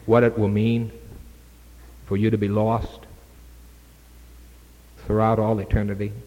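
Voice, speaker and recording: A man's voice: on the low side, flat delivery, unhurried, highs cut off. Urgent male preacher in an echoey hall. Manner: urgent, dramatic, shifting from hushed to loud. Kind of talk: evangelistic sermon.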